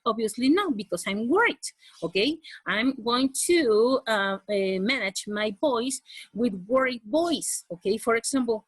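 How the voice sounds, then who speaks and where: A woman's voice: on the high side, lively intonation, measured pace, breathy edge, no room sound. Woman teaching English, dry close mic. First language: Spanish. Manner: repeats "okay?" after each point, switches into Spanish. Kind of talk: online class lesson.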